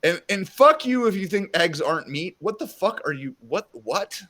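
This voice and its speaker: Casual male co-host, swearing and meandering, mock drawl, low hiss behind. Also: very animated, normal speed. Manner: rambling, profane, self-mocking, slips into a put-on Southern drawl. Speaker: podcast co-host. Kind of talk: casual chat.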